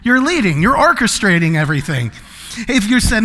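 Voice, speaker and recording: A man preaching a sermon, his voice pitched high for a man. He keeps it light and playful, slipping into quick comic voices to make his points. His tone is bright and forward throughout. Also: very animated. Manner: laughs often between points. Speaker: pastor.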